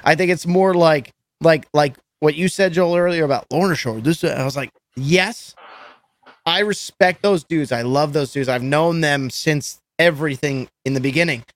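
A man who sings in a metal band, chatting as a podcast guest in an animated, rambling way and swearing freely. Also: fairly high pitch, moderate pace. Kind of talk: casual podcast chat.

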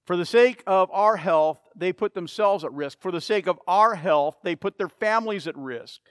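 A man's voice: high-pitched, moderate pace, no echo, clean studio sound. A man preaching a sermon, emphatic and repeating key phrases for effect. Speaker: pastor.

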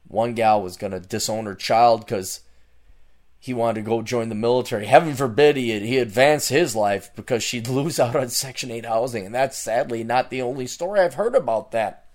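A man hosting a podcast alone, delivering a rambling, repetitive rant that swings between loud outbursts and muttered asides. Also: mid-range voice. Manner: rambling, repetitive, loses his thread. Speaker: podcast host. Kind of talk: ranting solo monologue.

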